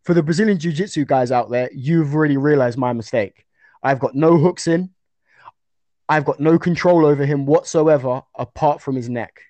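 A young man telling a fight story in a casual podcast chat, animated, with many restarts. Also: a little high, moderate pace, dry recording. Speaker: guest fighter.

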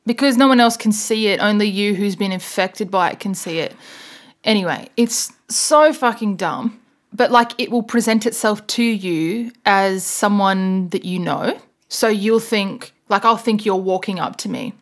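This podcast co-host has a medium-pitched voice and an unhurried delivery. She chats casually, rambling through a story punctuated by frequent laughs.

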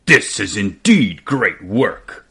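A man voicing a self-important magistrate in a read-aloud storybook, speaking slowly in awe. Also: mid-range voice, very animated, bright, forceful tone, breathy edge, full character voice. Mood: awed. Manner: slow and awed.

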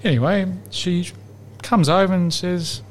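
A podcast host tells a long, rambling joke in casual chat, lively and laughing at his own punchline. He's a man whose voice sits high, speaking at a measured pace, with a little hiss or hum audible.

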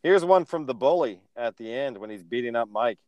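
A man's voice: mid-range voice, expressive, brisk, a little mellow, dry recording, highs cut off. Podcast co-host, male, laid-back, dry delivery, runs the segment. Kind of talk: casual movie review chat.

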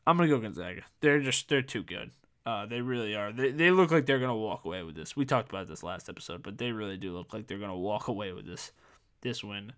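A man in his twenties hosting a sports podcast in casual chat, rambling with lots of fillers and restarts, his voice going a bit hoarse. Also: lowish voice, expressive, fast, a bit bright. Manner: rambling, filler-heavy, self-correcting. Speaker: podcast host.

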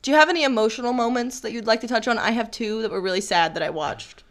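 A young woman with a slightly high voice co-hosts a relaxed chat show. She talks in a bubbly, excitable way and giggles often. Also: quick pace. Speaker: podcast co-host. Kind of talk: casual chat.

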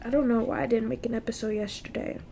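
A woman's voice: on the high side, steady tone, fast, gravelly, mellow, slight background noise. A woman hosting a casual solo podcast. She is teary after crying and vents in a frank, profane, frustrated way with lots of fillers. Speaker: podcast host. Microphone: podcast microphone.

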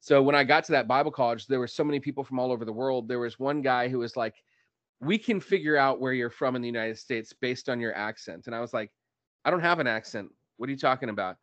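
A man from Dallas, hosting a podcast and telling stories with lively quoted voices. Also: medium pitch, fast, no room sound, highs cut off. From Dallas, Texas. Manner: animated storyteller, acts out quotes. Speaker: podcast host. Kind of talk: casual chat, storytelling.

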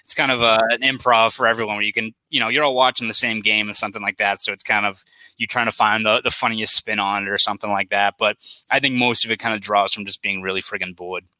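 A man's voice: on the low side, fairly even intonation, fast, sharp tone, no room sound, poor audio. A young man from South Boston with a Boston accent, a sports reporter chatting casually as a podcast guest, rambling with lots of "like" fillers. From South Boston, USA.

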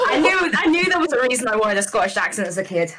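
A woman's voice: on the high side, very animated, fast, over a noisy crowd. Chatty, rambling woman on a podcast. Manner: chatty, rambling, lots of fillers. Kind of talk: casual podcast chat.

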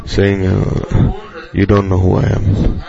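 A man preaching a devotional sermon in a measured way, using many Sanskrit and Hindi terms. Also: low voice, completely flat delivery, vocal fry, crowd noise. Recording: slightly dull lo-fi recording.

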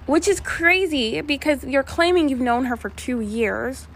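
A woman's voice: high voice, expressive, a little slow, a bit bright, a little hiss or hum. A young woman vlogger telling a rambling storytime to her viewers, with many asides and restarts. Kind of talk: casual storytime chat.

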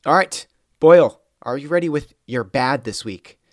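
A podcast co-host, a man with a mid-pitched voice, chats casually at normal speed while running the segment clock in a relaxed, easy way. The sound is close and dry, with no room sound at all.

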